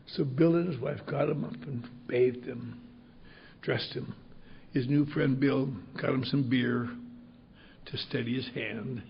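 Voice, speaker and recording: Gravelly older man, blunt storyteller. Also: medium pitch, steady tone, slow pace, muffled recording, slight background noise. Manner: blunt, salty humor. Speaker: recovery meeting speaker. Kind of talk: storytelling talk. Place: convention hall.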